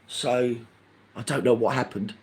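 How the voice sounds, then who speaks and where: Speaking at an unhurried pace with a medium-pitched voice, an older man runs a live stream and chats casually with viewers. He's camp and gossipy, calls everyone darling, and sounds lively, his tone swinging up and down.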